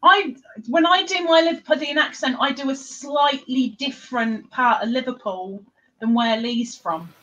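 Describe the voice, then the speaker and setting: A woman chatting on a live stream, rapid and excitable, often talking over the others on her computer mic. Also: high-pitched, muffled recording. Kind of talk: casual live-stream chat.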